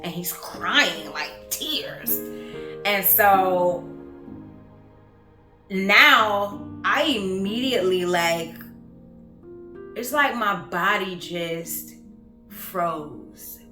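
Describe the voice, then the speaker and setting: A woman tells her own story in a bright, clear voice, slow and earnest, often stopping on fillers and pauses. Her voice rings in an echoey room, and faint music plays behind her. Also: mid-range voice, expressive. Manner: halting, with frequent pauses and fillers; earnest, reflective. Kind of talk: personal storytelling.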